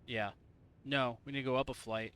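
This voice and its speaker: A man's voice: mid-range voice, steady tone, fairly quick, very noisy. A man from Indiana giving casual, profane, rambling let's-play commentary to his viewers. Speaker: gaming streamer.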